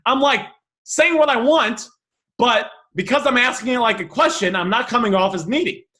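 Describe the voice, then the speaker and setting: A man teaching negotiation by walking through message examples, animated and thinking aloud with quick restarts. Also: extremely high pitch. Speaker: negotiation coach.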